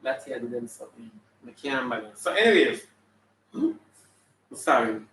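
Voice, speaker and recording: A man with a Jamaican accent playing a flamboyant, sassy female character full of attitude, hosting a live stream and shouting out viewers' names. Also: medium pitch, big pitch swings, moderate pace. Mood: gossipy. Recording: echoey room, mic at a distance.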